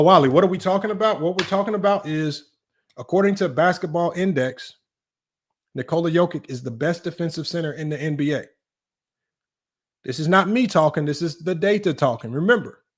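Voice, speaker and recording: A young man talking off the cuff on a home livestream, reading out viewer messages. He is mocking and animated, and his slightly high voice jumps even higher when he can't believe what he's hearing. He sounds close to a desk microphone. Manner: animated, mocking, rises sharply when incredulous. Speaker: sports talk livestream host. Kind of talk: casual livestream chat reading super chats.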